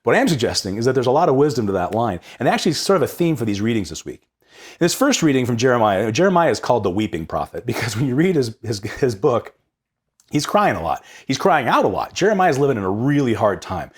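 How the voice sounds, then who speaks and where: A man's voice: medium pitch, quick pace, breathy edge. A young man hosting a casual reflection on the Sunday readings. He talks with energy and often repeats words as he gets going. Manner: energetic, conversational, repeats words when excited.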